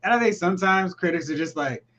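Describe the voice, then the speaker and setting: A man hosting a casual movie chat, joking and animated, with quick asides. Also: high voice, a little hiss or hum. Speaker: podcast host.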